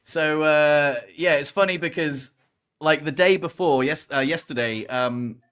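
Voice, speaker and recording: A man's voice: fairly high pitch, unhurried, fairly bright tone, clear, resonant tone. A man chatting casually on a podcast, telling a story and acting out what people said. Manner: storytelling, acts out quoted lines. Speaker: co-host. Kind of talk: casual chat.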